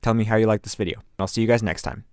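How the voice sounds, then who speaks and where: A man's voice: on the low side, steady tone, rapid-fire, a little mellow, no echo, studio quality. A man hosting a comedy vlog, talking into a webcam in his bedroom with melodramatic, over-sincere delivery. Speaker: comedy vlogger. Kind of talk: mock-earnest sketch monologue.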